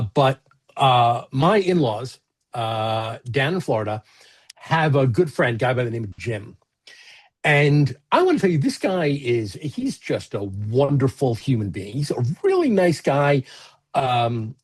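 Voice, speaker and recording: Husky-voiced man rambling on a podcast. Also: mid-range voice, darkish tone. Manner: rambling, profane, many fillers and restarts. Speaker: podcast co-host. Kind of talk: casual chat.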